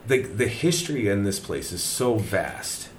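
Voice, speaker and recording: A man's voice: lowish voice, big pitch swings, a little slow, slight background noise. A man hosting a podcast in casual chat, laid-back and swearing freely, recorded in an old manor house. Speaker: podcast host.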